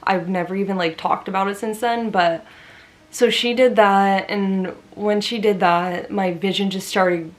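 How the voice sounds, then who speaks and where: A woman's voice: mid-range voice, steady tone, measured pace. A woman vlogger telling a personal story to camera in an earnest, emphatic way, with lots of "like" fillers.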